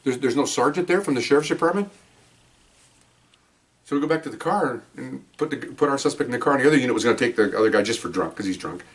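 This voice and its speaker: An older man, a retired police officer, tells a story in a casual, animated way, acting out voices and restarting his sentences. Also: mid-range voice, fast talker, distant mic. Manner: animated, acts out voices, laughs, many restarts.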